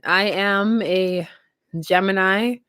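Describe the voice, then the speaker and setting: A young woman chatting casually with her stream viewers, giggling often and talking in an animated way. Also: medium pitch, takes it slowly, clear, resonant tone, no room sound, clean studio sound. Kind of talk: casual live-stream chat.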